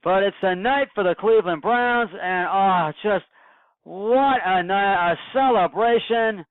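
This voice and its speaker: Excited rambling man on a tinny line. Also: high-pitched, unhurried, smooth, no room sound. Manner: rambling, excited, repeats himself, many fillers. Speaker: home podcaster recapping football. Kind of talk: casual solo sports recap. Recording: tinny phone-like dry recording.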